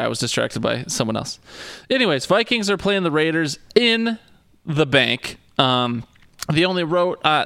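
A man's voice: medium pitch, gravelly, a bit bright, no room sound. A man co-hosting a casual football podcast, chatty and rambling with fillers. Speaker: podcast co-host. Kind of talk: casual sports chat.

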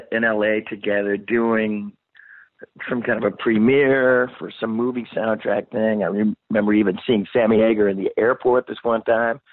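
Rock singer, man, 60s, low voice, rambling, profane storyteller, dry phone-quality audio. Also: dry recording. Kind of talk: casual storytelling interview. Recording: dry, phone-like narrow sound.

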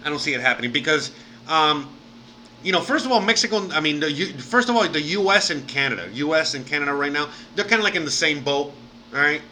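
Chatty, bright-voiced man live streaming. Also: a little high, lively intonation, fast talker, slight background noise, rough recording. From Miami, United States. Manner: rambling and chatty, full of fillers and casual swearing; reads out and thanks viewers by name. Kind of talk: casual live-stream chat.

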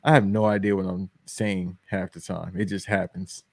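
A man's voice: low voice, flat delivery, moderate pace, vocal fry, dry recording. A man on a casual wrestling podcast, giving blunt, slangy opinions. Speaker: podcast guest.

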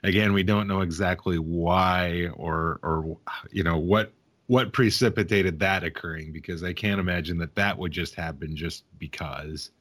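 A man in casual chat, explaining lore in halting, repetitive phrases. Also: low voice, fairly bright tone, no room sound. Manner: halting, repeats words while explaining.

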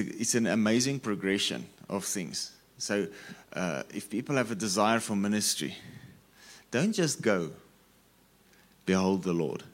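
A man preaching a sermon, repeating phrases and stressing key words as he reads scripture. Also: on the low side.

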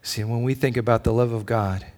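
A medium-pitched male pastor, a father, talks a little fast as he recounts a personal story in a sermon. The telling is lively and varied, quieting to a near whisper in its tender moments.

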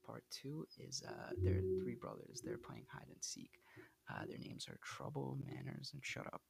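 A young man hosting a casual podcast, giving blunt dating advice in an animated, coaching way. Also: mid-range voice, moderate pace, creaky, a crowd in the background.

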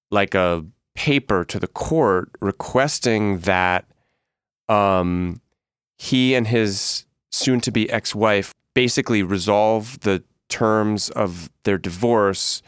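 A man's voice: on the low side, clean tone, no echo, studio quality. A man co-hosting a podcast, chatting casually, rambling and restarting his sentences and laughing often. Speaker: podcast co-host. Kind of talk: casual chat.

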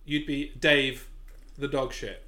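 A man's voice: mid-range voice, flat delivery, takes it slowly, bright, forceful tone. A British man co-hosting a live stream, trading dry, teasing banter in casual chat.

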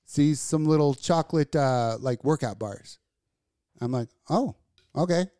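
A woman's voice: rumbling low, a little slow, clean tone, dry recording. Foul-mouthed woman telling a story. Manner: profane, animated storyteller. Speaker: podcast co-host. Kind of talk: casual chat.

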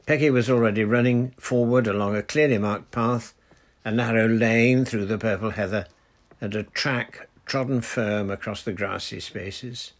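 A man reading a children's adventure story aloud in a measured storytelling manner. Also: lowish voice, steady tone. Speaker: audiobook narrator. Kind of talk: storybook narration.

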